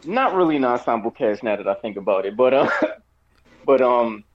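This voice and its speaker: A man's voice: mid-range voice, expressive, moderate pace, muffled recording. A man co-hosting a casual chat, rambling through a movie review with many fillers and restarts, while he has the hiccups. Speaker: podcast co-host giving a movie review.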